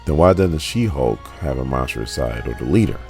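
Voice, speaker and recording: A man voicing a bitter, defiant grey Hulk while retelling a comic, barely changing his own very deep, gravelly voice. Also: lively intonation, moderate pace, a little mellow, soft background music, heavily acted. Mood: resentful.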